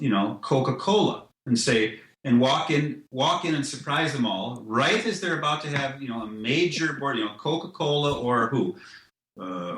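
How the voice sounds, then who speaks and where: A man's voice: mid-range voice, a bit bright, reverberant, low-quality recording. A man talking in a casual podcast conversation, rambling with many restarts and "you know"s, and laughing at his own ideas. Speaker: guest, comic writer.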